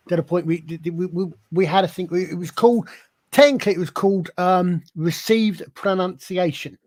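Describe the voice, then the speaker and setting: A man's voice: sits high, steady tone, normal speed, a little mellow. A man hosting a casual live-stream discussion, rambling with many restarts and fillers. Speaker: stream host.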